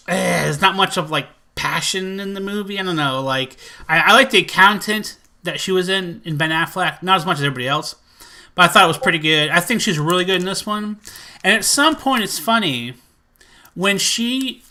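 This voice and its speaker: A man chatting casually in a collection vlog, rambling and excitable, full of fillers. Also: high voice. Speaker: movie collector vlogger.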